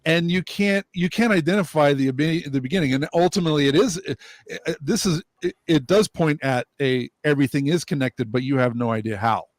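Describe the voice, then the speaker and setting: A man's voice: brisk, no room sound. A man in a casual video-call group chat, rambling as he retells a folk tale with many restarts. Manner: rambling storyteller, many restarts, voices each animal higher.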